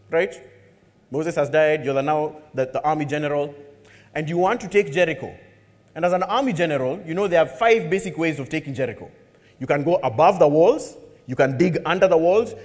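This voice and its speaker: A male preacher with a fairly high voice that leaps up and down. He tells a story with humor, acting out bits of dialogue as he preaches. His voice rings out with a long reverb in a church hall. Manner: animated storyteller who acts out dialogue with humor. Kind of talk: sermon.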